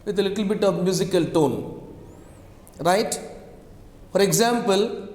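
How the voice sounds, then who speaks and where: A man's voice: high-pitched, a little mellow. A man teaching a class, repeating key phrases and checking in with "right?" after nearly every point. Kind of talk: classroom lecture. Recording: echoey room with long reverb.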